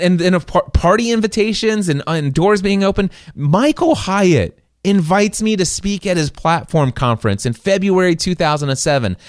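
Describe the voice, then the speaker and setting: Male podcast host, slightly high voice, dry close studio sound, eager storyteller. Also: clean tone, dry recording. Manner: enthusiastic storytelling, acts out quoted dialogue. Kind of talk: solo podcast monologue. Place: small home studio. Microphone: studio microphone.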